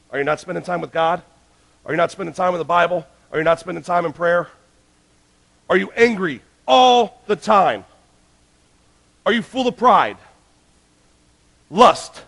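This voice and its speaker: A male pastor delivering a sermon in a high voice with a gravelly edge. He preaches emphatically, pushing some lines out loud and urgent and dropping others almost to a hush. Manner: emphatic, swings between loud urgent lines and hushed ones.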